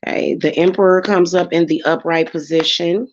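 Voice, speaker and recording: A woman's voice: on the low side, steady tone, normal speed, few pauses, dull audio, slight background noise. A woman tarot reader talking bluntly and casually on a livestream. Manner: blunt and chatty.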